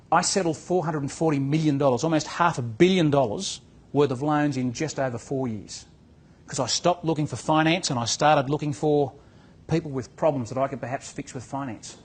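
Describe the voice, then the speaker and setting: Husky man telling a story. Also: on the high side, fairly quick. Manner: storytelling, acts out dialogue, repeats words. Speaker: business coach. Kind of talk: motivational talk to real estate agents.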